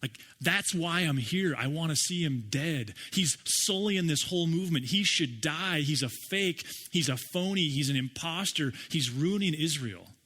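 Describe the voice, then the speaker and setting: A man's voice: a little high, animated, moderate pace, hardly any pauses, pushed and bright, breathy edge, exaggerated voice. A man voicing a bitter, angry disciple who denounces his teacher, speaking in a heated, emphatic way.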